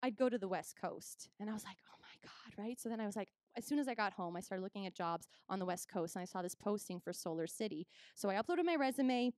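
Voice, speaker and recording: Her medium-pitched voice moves quickly with hardly any pauses as this young Canadian comic does stand-up. She tells animated stories, playing both parties in every exchange, in a clean, dry studio recording.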